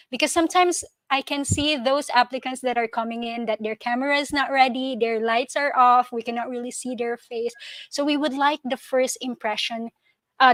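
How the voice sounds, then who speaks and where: A woman on a video call giving earnest, measured advice as a guest of the show. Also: a little high, no echo. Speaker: guest team member. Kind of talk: casual panel comment.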